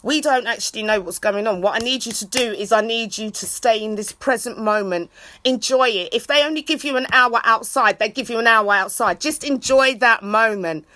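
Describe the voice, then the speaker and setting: A woman ranting casually on a livestream, swearing freely and breaking off for loud shout-outs to viewers. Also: on the high side, moderate pace, no room sound. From England. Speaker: livestreaming vlogger. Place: outdoors in a city.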